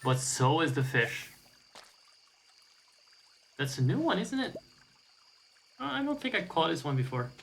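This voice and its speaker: A man's voice: on the high side, big pitch swings, unhurried, gravelly, pauses often, a bit bright, a little hiss or hum, poor audio. A man streaming a game, casual commentary, wry and profane with rambling asides.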